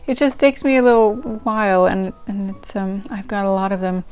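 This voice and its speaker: At a moderate pace, a woman with a clean, darkish, mid-range voice and fairly even intonation chats to the viewers of her channel, where she reads old diaries. The talk is casual and meandering, peppered with ums and restarts. Faint ragtime music can be heard.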